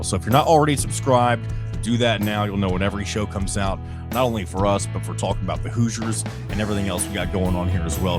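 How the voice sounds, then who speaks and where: A young man hosting a solo sports podcast, running through scores casually with rambling asides and self-corrections. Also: deep voice.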